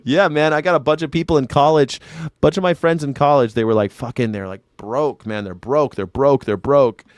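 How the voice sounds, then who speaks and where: Here a man who comments independently on news and culture is reading viewer comments during a relaxed livestream, meandering, sarcastic and foul-mouthed. His voice is medium in pitch and a little fast. The recording is dry and the studio sound clean.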